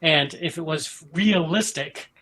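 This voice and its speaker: Enthusiastic rambling man, higher voice. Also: takes it slowly, pushed and bright, low-quality recording. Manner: enthusiastic, rambling with many ums. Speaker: podcast guest. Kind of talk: casual chat. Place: upstairs room in his mother's house.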